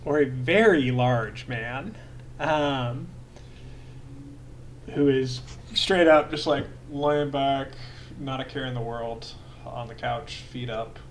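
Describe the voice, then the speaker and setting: A man narrating as game master in a relaxed way, with fillers and self-corrections. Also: mid-range voice, slow pace. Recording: noisy home recording.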